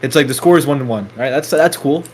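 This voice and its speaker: A teenage boy in relaxed conversation on a podcast. He speaks in an easy, chatty way, casual and unhurried. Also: medium pitch, husky. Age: teens. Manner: relaxed, chatty, talks sports. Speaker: podcast co-host. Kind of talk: casual chat.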